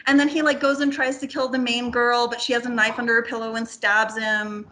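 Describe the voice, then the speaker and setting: Woman on a movie podcast, bright sharp voice, rambly, says like a lot. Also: fairly high pitch, brisk, slight background noise. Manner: animated, rambling, heavy filler "like", swears casually. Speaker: guest film reviewer. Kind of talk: casual podcast chat.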